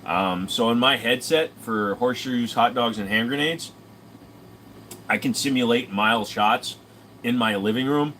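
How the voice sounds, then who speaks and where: A man's voice: mid-range voice, measured pace, sharp tone, a little hiss or hum, poor audio. A man streaming late at night, casually answering chat questions with crude jokes and riffs. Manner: crude joking, riffing impressions. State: sleepy.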